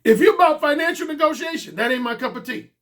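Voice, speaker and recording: A man's voice: very high-pitched, fast, fairly bright tone. A man speaking as a dating coach in a blunt, casual monologue, emphatic and profane, often repeating his key points.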